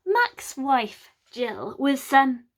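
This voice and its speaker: A woman storyteller with a slightly high voice retells a medieval play as a winter tale. She adds wry, chatty asides to her listeners as she goes. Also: very animated, very slow. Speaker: storyteller, medieval drama scholar.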